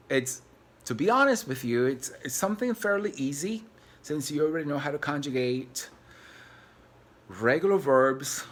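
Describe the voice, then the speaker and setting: A man teaching grammar at a whiteboard, patient and repetitive as he counts out syllables and conjugations. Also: medium pitch. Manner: patient, repeats points and counts out syllables slowly. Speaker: Spanish teacher. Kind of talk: classroom-style video lesson at a whiteboard.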